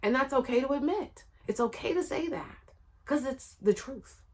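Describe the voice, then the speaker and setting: A woman's voice: high voice, lively intonation, normal speed, a little mellow, husky. A woman running her own channel, telling a personal story in a casual, rambling and emphatic way, often repeating her phrases. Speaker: channel creator.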